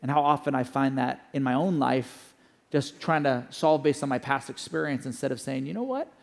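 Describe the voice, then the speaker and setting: A man preaching a sermon as pastor, rising to loud fervent peaks and dropping to quiet, low reflective passages. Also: level tone, moderate pace, creaky, long reverb tail.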